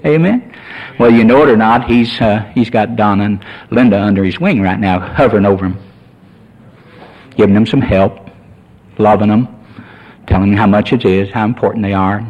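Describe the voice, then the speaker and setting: A man's voice: on the low side, moderate pace, long pauses, dull audio. A man preaching a folksy sermon as pastor, rising to emphatic points.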